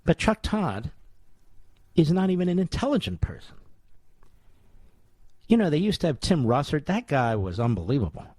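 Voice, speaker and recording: A man's voice: on the high side, sing-song, normal speed, pauses often, darkish tone, dry recording. A man in his sixties hosting a radio talk show, giving combative, sarcastic political commentary full of rhetorical questions. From United States. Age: 60s.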